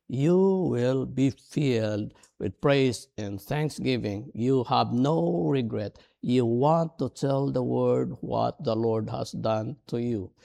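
A middle-aged male pastor preaching a sermon in English, which is not his first language. His voice is dark and gravelly, and he speaks slowly in an earnest, halting, self-deprecating way. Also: mid-range voice.

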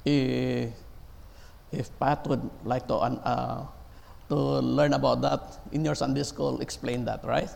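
A man preaching a sermon, speaking slowly and haltingly with many fillers and pauses. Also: medium pitch, flat delivery, gravelly, darkish tone, big-room sound.

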